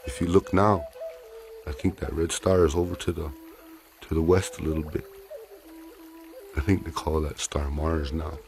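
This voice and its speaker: A man telling a traditional story aloud in an unhurried, soft-spoken, conversational way. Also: very deep voice, fairly even intonation, creaky, music in the background.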